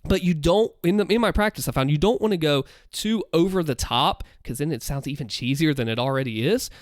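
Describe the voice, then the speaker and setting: A man walks through his voice acting work, explaining it with vocal demonstrations. His slightly high voice rises and falls with animated energy, and the sound is dry and close. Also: fairly quick, no room sound. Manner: holds back volume late at night. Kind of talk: voice acting breakdown.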